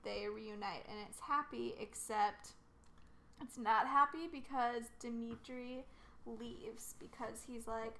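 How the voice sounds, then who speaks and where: Chatty woman, slightly high voice. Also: fairly even intonation, slow, bright, forceful tone, slight background noise. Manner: chatty, explanatory, casual swearing. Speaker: podcast co-host. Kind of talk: casual chat.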